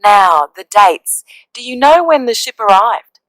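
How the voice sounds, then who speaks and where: An actress playing a businesslike woman clerk who asks brisk questions in a scripted listening-test dialogue. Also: on the high side, sing-song, a bit bright, no room sound, rough recording. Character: businesslike adult woman clerk filling in a form. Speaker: clerk taking details.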